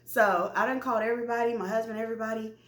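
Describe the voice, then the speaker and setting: A woman vlogger races through a personal story in a fairly high voice, the room around her echoey. She's candid, animated and chatty, talking right to her audience.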